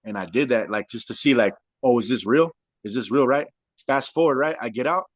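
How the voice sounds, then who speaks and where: A man's voice: mid-range voice, brisk, no room sound. Slang-heavy man telling street stories, dry sound. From Southern California. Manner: animated, says "bro" constantly. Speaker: guest telling his life story. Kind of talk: casual storytelling with street slang.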